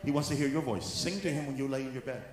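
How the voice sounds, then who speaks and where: A male apostle preaching a sermon, moving from soft teaching into shouted exhortation. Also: medium pitch, fast talker. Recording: echoey hall with faint room noise.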